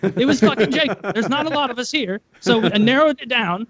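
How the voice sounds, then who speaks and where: A man's voice: high voice, fast talker, no room sound, close to an everyday voice. A man voicing a furious, cheated older brother who swears and pleads in exasperation. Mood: outraged.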